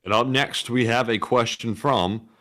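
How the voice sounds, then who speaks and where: A man's voice: medium pitch, measured pace, fairly bright tone. A man co-hosting a livestream, reading viewer questions aloud in a plain way with hesitant fillers. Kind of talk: casual livestream Q&A.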